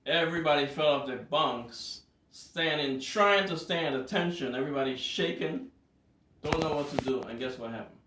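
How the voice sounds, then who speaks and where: A man's voice: a little high, normal speed, a little hiss or hum. Man telling a story in an echoey room. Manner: animated, repeats words for emphasis. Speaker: vlogger. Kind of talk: casual storytelling. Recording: roomy, distant from mic.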